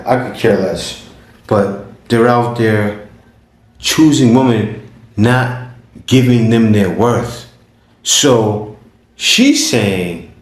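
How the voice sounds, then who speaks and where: A man hosting a reaction video, commenting in a casual, animated way and asking rhetorical questions. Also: fairly low pitch, reverberant.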